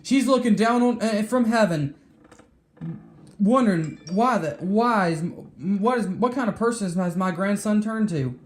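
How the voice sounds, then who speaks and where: A man's voice: high-pitched, normal speed. A man vlogging, ranting angrily at other online figures, cursing and repeating himself as he gets worked up. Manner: heated, profane, repeats and restarts words. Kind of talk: angry rant to camera.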